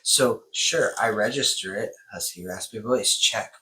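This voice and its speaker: A young man in a relaxed chat with a friend, his voice a touch low but bright and forward. He thinks aloud, restarts his sentences and exclaims when something surprises him. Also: a little slow, low-quality recording. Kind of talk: casual chat.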